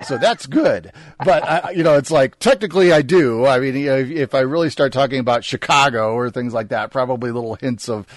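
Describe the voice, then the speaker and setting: Relaxed man hosting a podcast. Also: mid-range voice, brisk, no echo, studio quality. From American Midwest. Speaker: podcast host. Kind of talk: casual chat.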